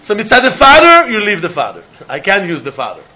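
A man explains a Talmud passage in a lilting, repetitive sing-song. His voice sits high for a man and sounds bright and forceful. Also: huge pitch swings, fast talker. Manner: sing-song, repeats key points, mixes in Hebrew and Yiddish terms. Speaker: Talmud teacher. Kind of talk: Talmud lesson.

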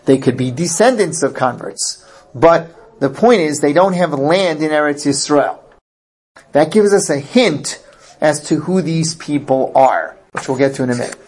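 A man's voice: a little high, animated, unhurried, a little mellow, a little hiss or hum. A man teaching a verse-by-verse scripture class, reading Hebrew phrases aloud and translating them with emphatic explanations. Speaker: Bible teacher.

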